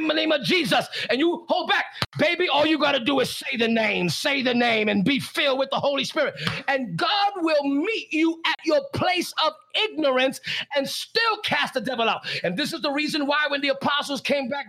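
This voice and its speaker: A man preaching as a guest, impassioned, repeating "listen" and "watch this" and breaking into shouts. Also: extremely high pitch, a little fast. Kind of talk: fiery preaching on deliverance.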